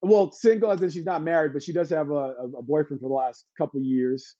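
A man from Brooklyn, a guest entertainer chatting on a podcast, telling animated stories with jokes and laughs. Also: a little high, fast talker, no room sound. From Brooklyn, New York. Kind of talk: casual podcast chat. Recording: dry, slightly dull lo-fi sound.

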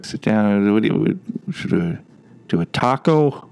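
A man's voice: fairly low pitch, very animated, measured pace, gravelly, darkish tone, clear, resonant tone, heavily acted. An actor playing a nervous male customer who hesitates and stammers. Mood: uneasy. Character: nervous male customer in a human butcher shop.

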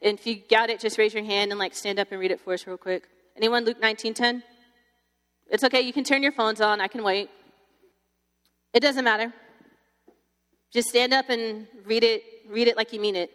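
A young woman tells her faith story to a gathering, chatty and animated, full of fillers. Her voice sits fairly high and rings out with a long reverb from the big room. It sounds like a live talk in a hall. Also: moderate pace, long pauses. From Texas. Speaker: campus ministry speaker. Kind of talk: testimony talk to a group.

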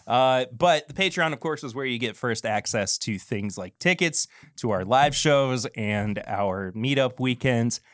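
A man's voice: medium pitch, expressive, measured pace, fairly bright tone, dry recording. Guy hosting a podcast, joking around, easygoing mid voice, dead dry close mic, laughs a lot. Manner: chatty, jokey, laughs often. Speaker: podcast host. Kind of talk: casual podcast chat.

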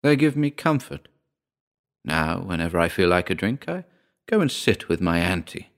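Male narrator with a deep voice for a spoken horror tale; keep the first-person telling measured and grave. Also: sing-song. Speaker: audiobook narrator. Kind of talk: scripted horror story narration.

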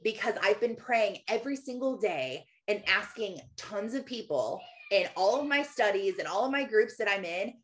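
A woman's voice: medium pitch, moderate pace, hardly any pauses, a bit bright. A woman in her thirties giving a casual, earnest faith talk, chatty and laughing often as she acts out quotes. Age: 30s. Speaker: Christian podcaster and author.

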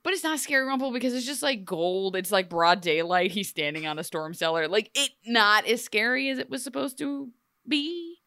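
A woman co-hosting a casual TV recap chat, sarcastic and animated, with many "like"s. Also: fairly high pitch, moderate pace, dry recording, studio quality. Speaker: podcast co-host.

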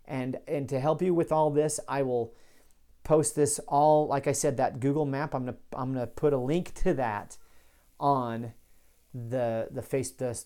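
A man hosts a laid-back solo history podcast, his voice mellow and warm. He tells old stories casually, drifting into asides and stopping mid-sentence to correct himself. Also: mid-range voice. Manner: chatty, digressive, restarts and corrects himself. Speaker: podcast host.

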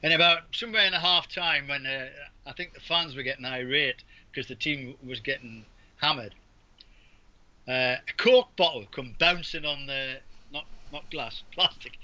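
A man's voice: on the high side, moderate pace, bright, forceful tone. An English man, a former referee, telling rambling anecdotes in an interview, with restarts and laughs. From England. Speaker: guest, former basketball referee. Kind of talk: storytelling in an interview. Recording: dull lo-fi audio.

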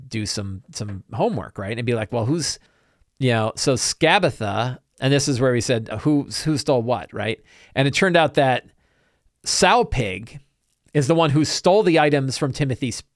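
A man in a mid range recaps his tabletop campaign casually. He rambles and keeps adding quick asides. The recording is dry and close, with no room sound. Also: mid-range voice, no echo. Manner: rambling storytelling with many asides and "right?". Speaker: podcast host and game master.

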